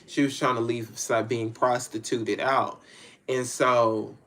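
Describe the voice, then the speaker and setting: A man's voice: mid-range voice, level tone, takes it slowly, a bit bright. Blunt Southern US man, slangy and profane. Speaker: spiritual reader. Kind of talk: casual rambling monologue.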